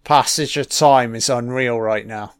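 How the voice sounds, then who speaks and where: A man's voice: medium pitch, unhurried, clear, resonant tone, dry recording, studio quality. A man giving casual, sarcastic film commentary, swearing constantly and mocking what is on screen. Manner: sarcastic, heavily profane, mocking.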